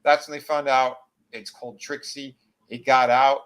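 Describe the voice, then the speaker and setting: A man chats through a horror film's plot with a co-host in a relaxed, rambling way. He slips into the characters' dialogue, his voice rising for the quoted lines, and he fills gaps with ums and you-knows. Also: medium pitch, normal speed. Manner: animated retelling, acts out character lines. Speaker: podcast co-host. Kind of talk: casual movie recap chat.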